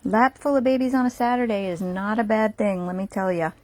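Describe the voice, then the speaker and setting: A woman's voice: medium pitch, fairly even intonation, fairly quick, a little mellow, no room sound. A woman from an animal rescue talking to camera in a casual, playful way while puppies climb over her lap indoors. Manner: playful baby talk to puppies, laughing often.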